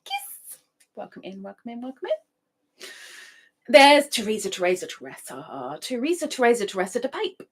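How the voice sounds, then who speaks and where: A middle-aged livestream host reads her viewers' comments aloud, repeating their names in a playful sing-song. Her medium-pitched voice is sing-song and quick with few pauses and a breathy edge.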